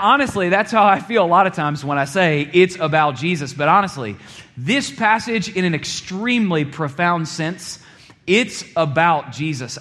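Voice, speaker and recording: Male preacher, conversational sermon delivery with a slightly raised pitch, shifting into low, quiet storytelling. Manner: conversational preaching, checks in with "okay?", drops low and quiet for drama.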